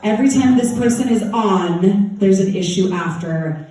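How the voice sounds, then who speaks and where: A chatty woman and former talk show host tells anecdotes at a festival Q&A, dropping "like" often. Her voice is mellow and soft-edged. It reaches a distant mic and echoes heavily around a large hall. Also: mid-range voice, normal speed. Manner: chatty, laughing anecdotes, many likes. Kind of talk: festival Q&A storytelling.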